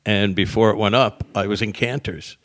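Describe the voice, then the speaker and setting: A man's voice: fairly low pitch, moderate pace, no room sound. An older man, a comedian guest, telling stories in casual chat and acting out quotes with a raised voice. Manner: animated storyteller, acts out quotes in raised voices.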